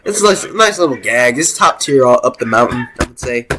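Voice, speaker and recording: A young man giving casual tier-list commentary as host, excited and rambling, with many restarts and slang. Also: medium pitch, fairly quick, noisy background. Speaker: video host ranking cartoon episodes.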